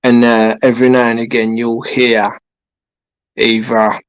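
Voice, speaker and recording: A British man in his forties hosts a casual live stream from his home. He talks slowly, rambling with frequent fillers and restarts. His voice sits close and dry, with no room sound. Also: medium pitch, little pitch movement, smooth, dry recording, rough recording. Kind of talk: casual chat with viewers.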